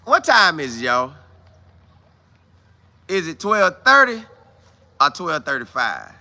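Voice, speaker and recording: Male stream host, high and very bright voice, animated and emphatic, addresses viewers directly. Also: takes it slowly. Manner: animated, exclaiming, repeats phrases for emphasis; talks straight to viewers, calling them y'all. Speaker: live stream host reading viewer comments. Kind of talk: casual live stream chat.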